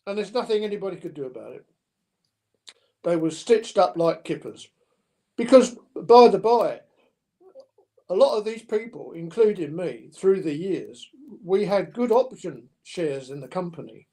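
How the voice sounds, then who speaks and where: An older man telling stories in an interview, lively and anecdotal, acting out the dialogue. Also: high voice, a little slow. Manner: anecdotal, animated, with mimicked dialogue. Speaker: podcast guest. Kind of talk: storytelling interview.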